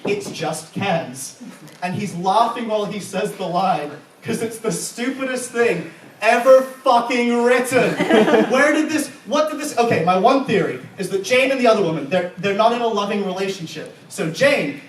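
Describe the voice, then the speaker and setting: A young man with a high-sitting, lively voice does live stand-up and compering at normal speed on a comedy club stage, working the crowd before a live audience. Into a handheld stage mic he delivers profane, incredulous rants and laughs often. The echoey live room is picked up from a distance with slight background noise, and his voice drifts off-mic at times.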